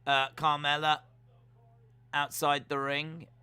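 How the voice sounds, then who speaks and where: A man giving jokey live reactions while watching a wrestling show, now and then letting out sudden loud yells. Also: on the high side, little pitch movement, slow, clean tone. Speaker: wrestling watch-along streamer.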